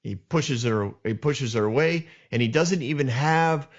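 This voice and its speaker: A man's voice: medium pitch, a little slow, muffled recording. A man hosting a podcast, retelling a Bible story with passionate, indignant commentary and frequent restarts. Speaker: podcast host.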